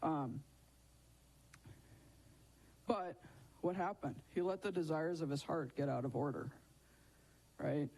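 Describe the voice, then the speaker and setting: A man's voice: on the high side, slow, gravelly, pauses often, darkish tone, poor audio. A man teaching a children's Bible lesson in a chatty way, often asking his listeners questions.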